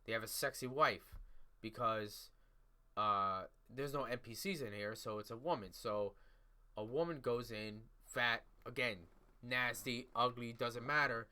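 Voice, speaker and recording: A man's voice: mid-range voice, unhurried, sharp tone. A man hosting a podcast in a casual solo commentary, talking in a crude, rambling, blunt way. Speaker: podcast host.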